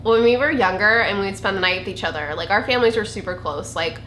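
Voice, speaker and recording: A woman's voice: medium pitch, fast. A young woman from Georgia in the United States, chatting casually with a friend as host of her own vlog. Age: young adult. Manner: chatty storyteller, animated. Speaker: YouTube vlogger, channel host. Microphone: camera mic. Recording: echoey room with faint noise.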